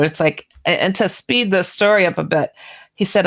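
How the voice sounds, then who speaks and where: Her voice on the low side and her pace moderate, a woman author tells a personal story during a radio interview. She animates it by acting out the dialogue she quotes.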